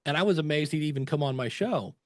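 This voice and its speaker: A man's voice: on the high side, quick pace, dry recording. Chatty man telling anecdotes, dry sound. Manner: chatty anecdotes with acted quotes. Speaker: podcast guest. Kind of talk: conversational interview storytelling.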